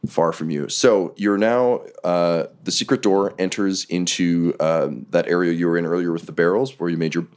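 A man narrating a tabletop game as game master, relaxed, with many filler pauses. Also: deep voice.

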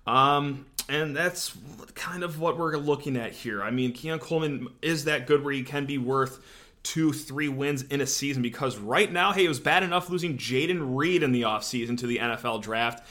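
A man hosting a college football show, giving animated, sarcastic opinion commentary with frequent fillers. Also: mid-range voice, moderate pace. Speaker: sports podcast host.

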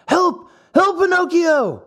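A man voicing a frightened young boy in a storybook reading, crying out in a high, panicky voice. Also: lively intonation, takes it slowly, sharp tone, full character voice. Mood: panicked. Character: scared young boy turning into a donkey.

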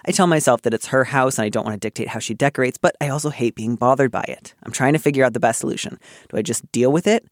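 In a dry, studio-quality recording, a fast-talking advice column host with a medium-pitched voice reads a listener letter on his casual podcast. He answers it thoughtfully and earnestly, with a wry touch and many fillers.

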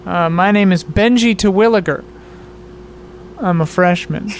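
A player chats loosely and laughs often while sorting out characters to set up a tabletop game. The voice is mid-range at a measured pace, with a little hiss or hum in the recording.

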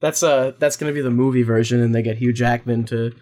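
A man with a mid-range voice co-hosts a relaxed podcast about musicals. He talks in an easygoing, slightly halting way, with repeated starts and dry quips. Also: mid-range voice. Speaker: podcast co-host. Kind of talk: casual chat.

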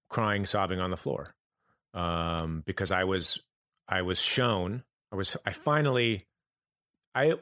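Guy with a lowish voice, podcast guest, slow thoughtful restarts, super dry close mic. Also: a bit bright, dry recording. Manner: halting, thoughtful, many restarts. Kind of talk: reflective conversation.

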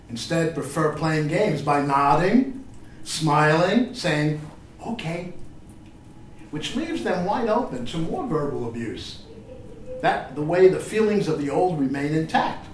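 A man's voice: on the high side, a little hiss or hum. Older man reading poems in echoey room. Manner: halting, filler-laden talk between expressive recitations. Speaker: poet. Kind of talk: poetry reading with chatty asides. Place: reading venue with an audience. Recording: roomy echo, distant mic.

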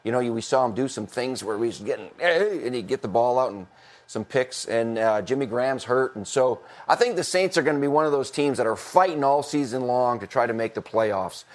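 A man's voice: mid-range voice, lively intonation, a little fast. A middle-aged former football coach chatting on a podcast, talkative, laughing often and restarting his sentences. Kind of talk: casual podcast chat.

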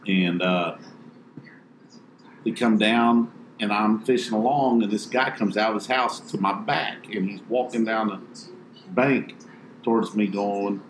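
A professional bass angler telling a story in casual talk, animating it by acting out the others. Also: male voice, measured pace, reverberant, slight background noise.

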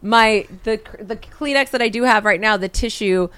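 A woman's voice: fairly high pitch, normal speed, a bit bright, clear, resonant tone. A woman co-hosting a comedy podcast, talking in profane, self-mocking banter and acting out little scenes. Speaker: podcast co-host.

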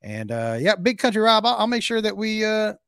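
A man's voice: sits high, sing-song, a little fast, a bit bright, clean tone, no room sound, studio quality, voice pushed up, exaggerated voice. A man voicing a boastful, folksy male country music star who hosts his own show and plugs himself. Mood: joking. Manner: folksy, self-promoting showman.

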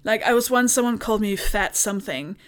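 A woman's voice: mid-range voice, lively intonation, a little fast. A woman, a podcast guest, talking candidly in a casual chat with a dry, sardonic edge. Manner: candid, dry and sardonic, laughing through stories.

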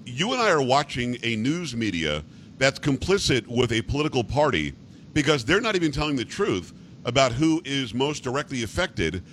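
A man hosts a talk show in a blunt, halting way. His voice sits at an ordinary middle pitch, with a faint hiss behind it. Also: a bit bright. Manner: plainspoken, stop-start phrasing. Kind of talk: casual chat.

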